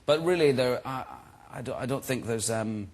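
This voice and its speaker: A man in his thirties, guest on a chat show, telling stories in a relaxed, chatty way and laughing as he goes. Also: mid-range voice, moderate pace. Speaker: guest actor. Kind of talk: casual chat-show interview.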